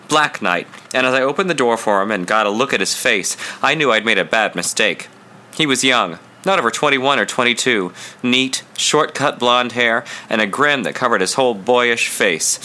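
Man narrating with a sharp, forceful tone. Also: medium pitch. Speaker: audiobook reader. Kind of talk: first-person storybook narration.

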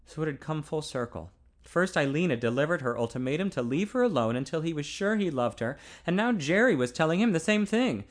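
A man narrating a novel aloud in an expressive way. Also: brisk. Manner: expressive, pitch swinging widely. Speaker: audiobook narrator.

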